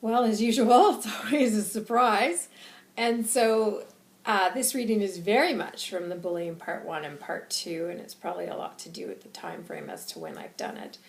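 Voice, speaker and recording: A woman's voice: medium pitch, animated, normal speed, roomy sound. A woman who works as an intuitive channeler, chatting casually in a rambling, chatty vlog. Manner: rambling, chatty, laughing asides.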